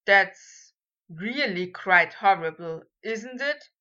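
Woman doing a hot-tempered young man, audiobook, bright tone, slow pace, dull lo-fi sound. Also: medium pitch, lively intonation. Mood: bemused. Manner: snapping, loud outbursts. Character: young man, brusque, exasperated, quick to laugh.

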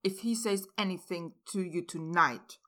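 Plain-talking protective young guy, woman reader, slightly low, bright. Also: measured pace. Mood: blunt. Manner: plain-spoken, casual. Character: blunt, protective young man, loyal friend.

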